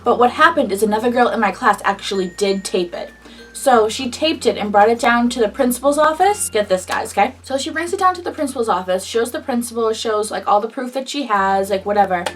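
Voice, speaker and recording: Young woman vlogger, ranting storytime, high voice, swears a lot, a bit off-mic, faint music behind. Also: a little fast, recorded from a distance. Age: early 20s. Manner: animated, indignant, swears freely. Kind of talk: casual storytime.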